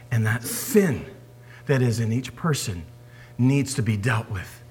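A man preaching a sermon as a pastor, swinging from forceful emphasis down to hushed whispers. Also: mid-range voice, animated, unhurried, slightly rough.

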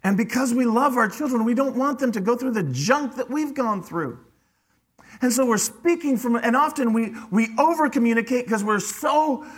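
A man's voice: extremely high pitch, expressive, normal speed, husky. A man preaching a sermon as a pastor, emphatic and often repeating words as he drives a point home. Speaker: father.

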